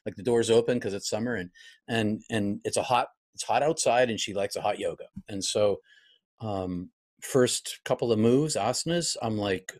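A man's voice: fairly low pitch, fairly quick. A middle-aged pastor, a guest in an interview, telling a personal story in a reflective way, acting out his own past thoughts and often restarting his sentences.

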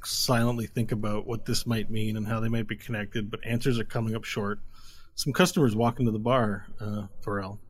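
A man's voice: lowish voice, a little fast. A man narrating a tabletop game as game master, loose and easygoing, with plenty of fillers. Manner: relaxed, loose, with many fillers.

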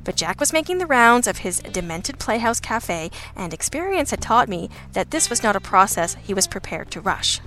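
A woman's voice: mid-range voice, very animated, normal speed, hardly any pauses, sharp tone, soft background music. A woman reading an audiobook in the first person, in a wry, sardonic manner. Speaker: audiobook narrator. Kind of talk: first-person scripted narration.

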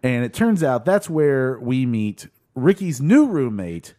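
A man's voice: mid-range voice, big pitch swings, takes it slowly, warm tone. A man co-hosting a casual podcast chat, rambling with lots of fillers and laughs. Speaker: podcast co-host.

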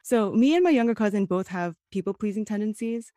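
A woman's voice: mid-range voice, animated, fairly quick, mellow, dry recording, studio quality. A woman co-hosting a podcast in casual chat, candid and swearing freely, often laughing as she talks. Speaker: podcast co-host.

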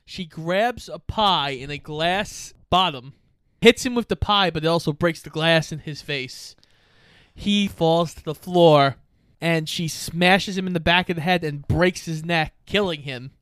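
Upbeat, higher-voiced man recapping a movie. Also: measured pace, smooth, no room sound, studio quality. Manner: energetic, swears freely while retelling scenes. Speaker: podcast co-host. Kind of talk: casual movie recap chat.

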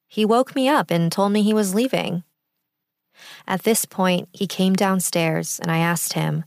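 Low-voiced woman telling a personal story. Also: moderate pace, dry recording, studio quality. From East Bay, California. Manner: calm, reflective recounting. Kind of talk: first-person storytelling narration. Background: background music.

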